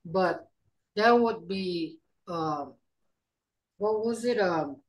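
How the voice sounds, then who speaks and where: A middle-aged woman teaching a casual online language class over a video call, unhurried and folksy, thinking aloud with many ums. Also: on the low side, expressive, rough recording.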